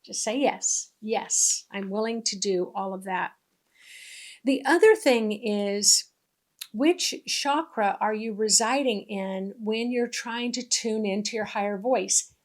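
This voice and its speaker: A woman spiritual teacher talks through her lesson in an easy, conversational manner. She circles back and repeats key lines to drive them home. Her voice sits at a middle pitch. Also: slow pace. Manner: conversational, repeats points for emphasis. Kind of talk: casual spiritual teaching monologue.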